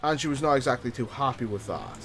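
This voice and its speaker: A man's voice: medium pitch, big pitch swings, quick pace, creaky, over music. A man streaming a game, telling a story in a ranting, profane way. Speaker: gaming streamer. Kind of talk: casual gameplay chat.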